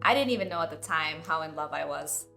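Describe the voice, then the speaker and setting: A woman's voice: low-pitched, expressive, brisk, gravelly, over music. A woman hosting a self-development video, telling a personal story in a candid, chatty way full of "like.". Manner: candid, chatty, heavy use of "like".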